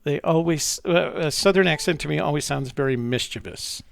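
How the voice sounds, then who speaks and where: Call-in host, male, gravelly, higher-pitched than most, dry close sound, rambling and chatty. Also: brisk. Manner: chatty, rambling, self-correcting. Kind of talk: casual live call-in chat.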